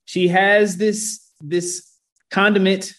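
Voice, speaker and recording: A man's voice: high-pitched, level tone, slow, fairly bright tone. A man on a podcast crew explaining something casually, with hesitant fillers.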